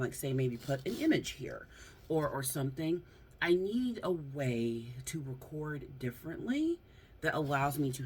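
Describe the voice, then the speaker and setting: A woman's voice: a bass voice, slight background noise. An American woman vlogging casually from home into her phone, rambling with lots of fillers and frequent laughs. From United States. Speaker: YouTuber. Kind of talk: casual vlog chat. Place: at home, seated close to camera. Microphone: phone front camera.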